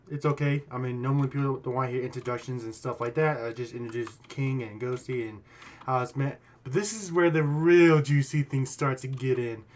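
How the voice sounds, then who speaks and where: A man's voice: medium pitch, steady tone, fairly quick, a little mellow. A man hosting a casual storytime commentary video, rambling and heated, often restarting his sentences. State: voice getting worn out. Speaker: YouTube commentary host.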